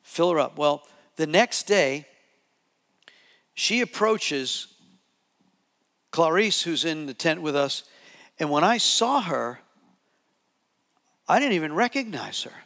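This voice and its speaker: Male preacher, higher voice, animated testimony, reverberant hall sound. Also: takes it slowly, pauses often. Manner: animated, repetitive storytelling with restarts. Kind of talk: sermon testimony storytelling.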